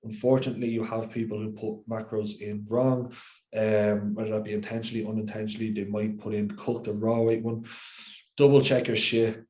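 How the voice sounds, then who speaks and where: A man's voice: on the low side, level tone, a little fast, mellow. A man coaching and hosting a casual podcast chat, talking bluntly and swearing freely. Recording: roomy echo.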